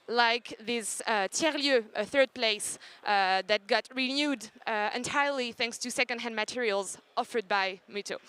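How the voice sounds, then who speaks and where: Female pitcher, higher voice, bright and crisp, upbeat with fillers. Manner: fluent, upbeat, frequent fillers. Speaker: startup team member pitching. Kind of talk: conference pitch. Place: conference stage.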